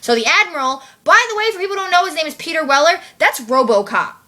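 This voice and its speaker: Chatty woman vlogger, super bright voice, kinda high, says like a lot. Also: lively intonation, quick pace. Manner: chatty, slangy, heavy use of "like", swears. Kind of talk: casual movie recap.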